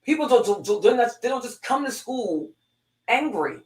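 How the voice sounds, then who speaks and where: Animated woman telling a story in an echoey room. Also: fairly high pitch, moderate pace. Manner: animated, heartfelt, many restarts and repeats. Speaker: guest speaker, former police corporal. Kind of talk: emotional personal storytelling.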